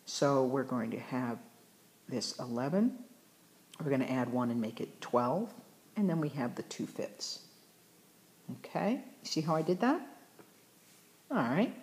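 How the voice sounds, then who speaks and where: Low-voiced woman teaching math. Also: animated, measured pace, long pauses, darkish tone. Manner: chatty, encouraging, self-correcting. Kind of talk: recorded math lesson.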